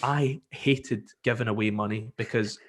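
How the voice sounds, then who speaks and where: A man with a Scottish accent, a radio presenter chatting as a podcast guest, telling lively stories and acting out callers. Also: on the low side, moderate pace. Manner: lively storyteller, acts out callers, many fillers. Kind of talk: casual podcast interview.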